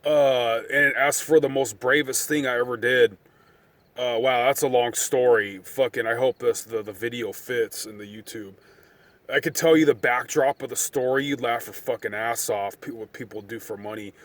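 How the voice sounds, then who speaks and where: A man's voice: mid-range voice, moderate pace, no room sound. Casual vlogger, male, thirties, mid-range voice; profane, meandering storyteller who heats up at the tense parts. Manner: profane, rambling, excitable when reliving events.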